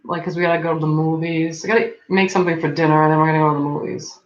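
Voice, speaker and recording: Young woman rambling on her stream, lower voice, kinda dull echoey audio. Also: flat delivery, rapid-fire. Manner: rambling, many "like" fillers, laughs often. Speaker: livestream host. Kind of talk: casual chat. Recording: dull lo-fi sound in an echoey room.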